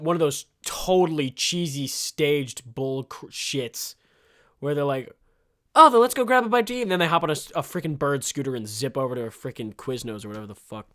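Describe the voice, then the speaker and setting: A young man hosting a podcast, riffing in sarcastic, casual comedic commentary and swearing freely. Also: fairly high pitch. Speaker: podcast host.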